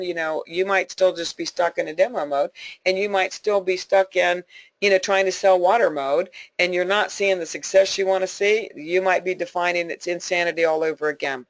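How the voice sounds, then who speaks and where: Speaking with a fairly low pitch and no echo, a woman gives her sales team a motivational conference-call talk. She keeps it folksy and emphatic, laughing often and restating points to drive them home.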